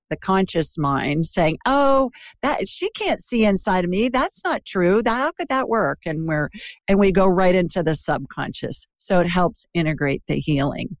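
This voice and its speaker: A woman's voice: fairly low pitch, no room sound, clean studio sound. A woman from Ohio hosting a call-in show, chatty and digressive, talking to a caller. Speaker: intuitive show host. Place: Birmingham.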